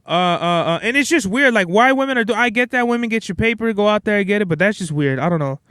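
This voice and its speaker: A young man hosting a podcast, telling stories in a blunt, profane, animated rant. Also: high-pitched, quick pace, clear, resonant tone, dry recording, studio quality. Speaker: podcast host. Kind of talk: casual ranting monologue.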